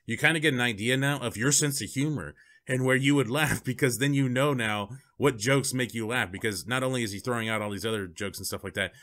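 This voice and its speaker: A man's voice: mid-range voice, a little fast, a bit bright. A man co-hosting a casual movie review. He swears freely, laughs a lot and acts out lines from the film as he recaps scenes.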